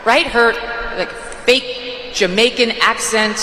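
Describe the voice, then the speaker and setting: A woman's voice: fairly high pitch, takes it slowly, over a noisy crowd. A woman giving political commentary in a mocking, sarcastic manner. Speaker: commentator in a played clip. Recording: roomy reverberant clip with background noise.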